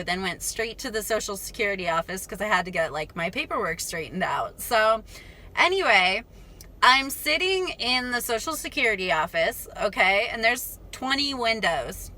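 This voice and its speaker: A woman's voice: mid-range voice, bright, forceful tone. A young adult woman telling a casual storytime vlog, chatty, laughing and talking straight to her viewers. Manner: chatty, addresses viewers as "you guys", laughs often. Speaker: vlogger.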